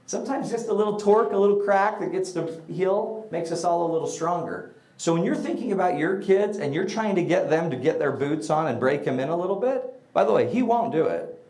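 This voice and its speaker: A middle-aged man giving a humorous storytelling talk about parenting to an audience, comic and animated, breaking into shouted bursts. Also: high voice, a little fast.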